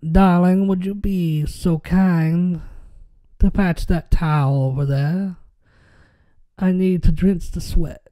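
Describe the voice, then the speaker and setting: A man putting on a slow, theatrical Southern US drawl, voicing a genteel old southerner fussing over the heat. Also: high-pitched, fairly even intonation, mellow. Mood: languid.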